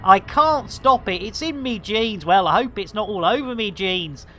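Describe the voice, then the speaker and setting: A man's voice: high-pitched, lively intonation, moderate pace, pushed and bright, a little hiss or hum. A man commentating his live game stream with jokey, punning banter for his viewers.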